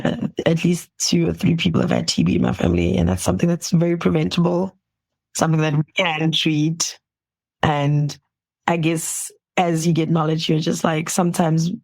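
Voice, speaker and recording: In a dry recording made at home, a young South African woman who works as a doctor reflects on her path during an interview. Her voice sits low, and she's warm and quick to laugh, bringing quoted lines to life.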